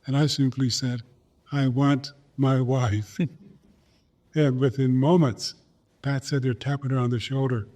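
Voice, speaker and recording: An older man telling a personal story in an interview, slow and earnest, repeating phrases for emphasis. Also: medium pitch, fairly even intonation, dark tone. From Pine Ridge Reservation, South Dakota, USA. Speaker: guest, Olympic champion. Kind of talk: reflective storytelling in a podcast interview.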